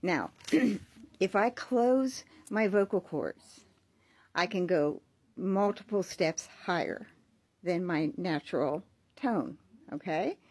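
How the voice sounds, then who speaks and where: Chatty woman with a husky edge. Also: on the low side, lively intonation, slow, darkish tone, no echo. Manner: chatty, explains with fillers and check-ins. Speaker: social media creator. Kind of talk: casual explanatory monologue.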